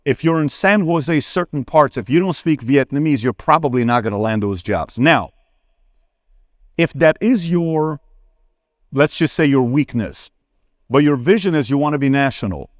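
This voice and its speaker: Brief: man in his 40s, conference speaker, animated storyteller, close and dry sound. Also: normal speed, no room sound. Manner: animated, acts out dialogue with sudden pitch jumps; addresses crowd directly, asks for a show of hands. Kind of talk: live Q&A on stage, storytelling. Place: conference hall stage.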